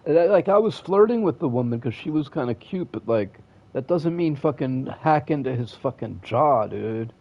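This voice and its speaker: A man's voice: mid-range voice, animated, moderate pace, dull audio. A man streaming a video game, rambling and aggrieved in casual chat, swearing constantly and trailing off mid-sentence. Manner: restless and aggrieved, trails off and restarts.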